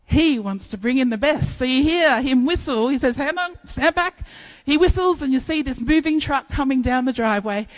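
Animated woman preaching a sermon. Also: sits high, brisk, few pauses, low-quality recording. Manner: animated storytelling with playful acted-out dialogue.

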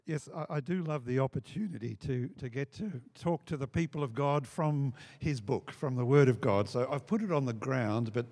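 A man's voice: mid-range voice, normal speed, few pauses, a little mellow. A man opening his sermon as guest preacher, humble and lightly amused.

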